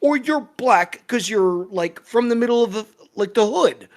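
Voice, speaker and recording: A co-host in a casual review chat with a mid-range voice, ranting heatedly and swearing without restraint. The delivery is forceful and fired-up. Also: medium pitch, expressive, normal speed.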